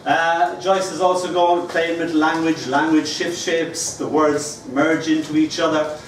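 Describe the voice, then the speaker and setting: A man's voice: fairly high pitch, little pitch movement, unhurried, slight background noise. An older Irish man giving a live poetry reading to an audience, mixing playful joking chatter with dramatic recited verse. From Ireland. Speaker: poet. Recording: echoey room, mic at a distance.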